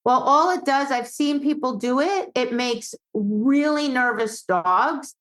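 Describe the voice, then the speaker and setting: A woman who trains dogs in obedience appears as a guest on a casual podcast, telling animated stories and acting out quoted voices. Her voice is high-pitched and slow, and the audio quality is poor.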